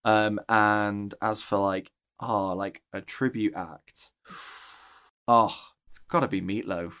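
Animated man gushing in casual chat. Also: on the low side, clean tone. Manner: animated, gushing, drawn-out exclamations. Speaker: podcast guest.

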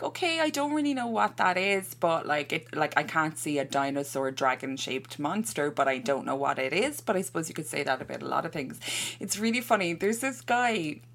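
A woman's voice: low-pitched, animated, brisk, fairly bright tone. A woman co-hosting a podcast, telling stories in a chatty, wry way. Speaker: podcast co-host. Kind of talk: casual chat.

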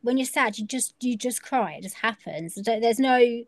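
A woman's voice: fairly high pitch, moderate pace, dry recording. A woman hosting a podcast interview, chatty and reflective, thinking aloud. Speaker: podcast host.

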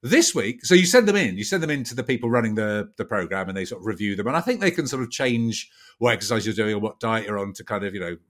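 A man's voice: on the low side, expressive, quick pace, a bit bright. A man co-hosting a podcast, telling stories in a rambling, stammering way. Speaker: podcast co-host. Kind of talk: casual chat.

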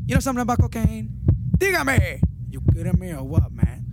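A man's voice: high voice, very animated, brisk, heavy background noise, voice pushed up. A man voicing a swaggering gangster movie thug with a put-on film gangster accent, recorded as an album skit. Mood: taunting. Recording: album track with loud hip hop music.

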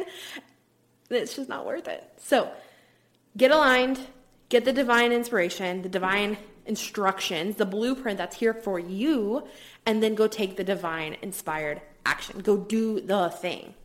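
A woman hosting her own podcast, talking casually and upbeat, with lots of "like" fillers and the odd drop into a whisper. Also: mid-range voice. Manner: chatty, upbeat, many "like" fillers, drops into whispers at times. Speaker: podcast host. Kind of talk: casual solo podcast talk.

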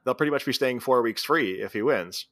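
In studio-quality audio with no room sound, a man co-hosting a podcast casually walks through a movie scene by scene. His mid-range voice is animated, brisk, and a bit bright, and he mimics characters' lines in quick voices.

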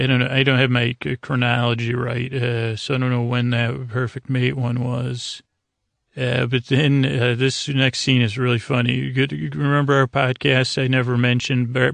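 A male podcast host talks through an episode in a loose, rambling way, full of ums and restarts and tossing in playful jokes. His voice has a gravelly edge and stays fairly level in pitch. The sound is close and dry, with no room echo. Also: flat delivery, moderate pace, a bit bright. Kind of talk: casual episode recap.

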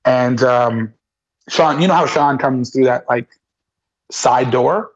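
A man's voice: medium pitch, slow pace. A man, a guest comedian, telling stories in casual podcast chat and acting out what people said. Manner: animated storyteller, acts out quotes. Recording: slightly muffled audio.

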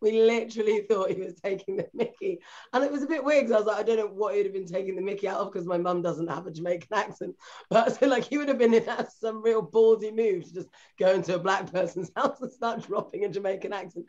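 Woman co-host, chatty storyteller with quick asides, middle pitch, slightly muffled recording. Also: darkish tone. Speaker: podcast co-host. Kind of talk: casual panel chat.

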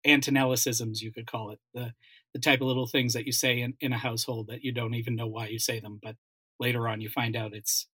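A man's voice: mid-range voice, fairly bright tone, slightly rough, no echo. Man, dialect coach, casual panel chat, storytelling, dry sound. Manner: storytelling, many restarts, thoughtful. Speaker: dialect coach and voice actor, guest.

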